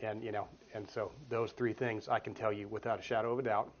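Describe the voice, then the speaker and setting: A man's voice: on the low side, level tone, fairly quick, noisy background. A man in his forties giving a casual, earnest teaching talk to a church group, telling stories with many restarts. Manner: earnest, storytelling with frequent restarts. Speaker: guest speaker at a church group. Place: meeting room with children's group next door. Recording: dull lo-fi room recording.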